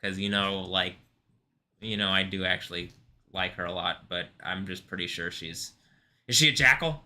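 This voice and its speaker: A man's voice: deep voice, completely flat delivery, moderate pace, bright, forceful tone. A man hosting a live stream, chatting casually in a rambling way, laughing often and swearing freely. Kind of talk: casual reaction stream commentary.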